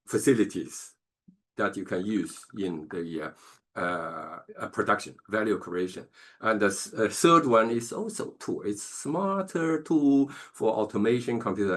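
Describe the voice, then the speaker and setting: Halting low-voiced male professor. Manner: halting, many fillers and restarts, checks in with "okay?". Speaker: professor leading a business masterclass. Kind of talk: online masterclass lecture.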